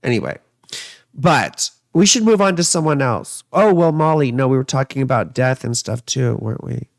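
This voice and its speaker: A man's voice: mid-range voice, expressive, moderate pace, vocal fry, no room sound. A man, an astrologer and tarot reader, chatting casually on a livestream and answering viewer comments in a rambling, playful way. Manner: rambling and playful, mixing jokes with musing.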